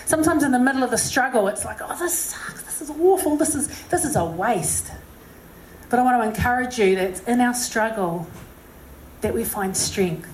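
A woman's voice: fairly high pitch, a little hiss or hum. Chatty New Zealand woman in a roomy hall. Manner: chatty, self-deprecating, with many "you know" fillers. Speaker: singer speaking to an audience. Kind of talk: personal story and encouragement talk. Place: live venue with an audience.

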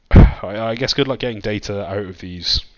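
A man hosts a casual podcast chat, his very low voice wandering through ideas with plenty of fillers. The recording has a dull, lo-fi sound. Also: normal speed, a little mellow. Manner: rambling, filler-heavy. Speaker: podcast host.

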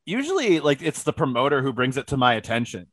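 Animated man telling stories, dry recording. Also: medium pitch, fast talker, no echo. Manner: animated anecdotes, laughing, many "like" fillers. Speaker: wrestling ring announcer and podcast guest. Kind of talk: casual storytelling interview.

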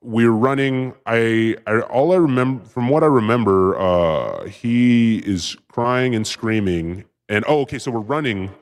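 A man telling a story as a podcast guest, rambling and profane, with excited bursts. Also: medium pitch, unhurried, hardly any pauses, clean tone. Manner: profane, rambling, with filler words; excited bursts when retelling action. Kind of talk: casual storytelling.

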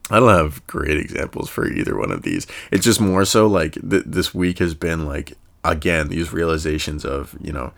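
A young man hosting his own podcast, talking in a deep voice with a gravelly, creaky grain. He rambles and thinks aloud, circling back with fillers and restarts, and often chuckles or drops into quick impressions. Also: lively intonation, a bit bright. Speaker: podcast host. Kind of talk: casual solo podcast musing.

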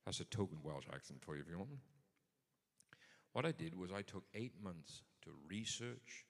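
Low-voiced man preaching, chatty then punchy, long hall echo. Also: lively intonation, a little slow, creaky. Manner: conversational, emphatic, builds to forceful points. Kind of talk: sermon.

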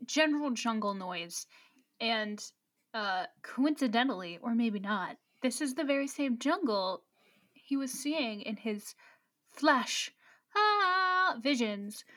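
Woman co-host, higher voice, wry sidekick energy in a casual chat. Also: expressive, slow pace, a bit bright. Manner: wry, joking interjections. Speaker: podcast co-host. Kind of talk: casual book recap chat.

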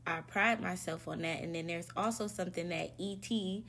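A woman's voice: lowish voice, normal speed, fairly bright tone, a little hiss or hum. A young woman co-hosting a podcast, speaking in an earnest, reflective way. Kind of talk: casual podcast chat.

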